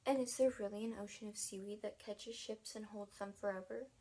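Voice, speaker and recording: A woman's voice: mid-range voice, fairly even intonation, a little fast, mellow, slightly rough. A woman voicing a curious, eager young boy who asks earnest questions in a storybook.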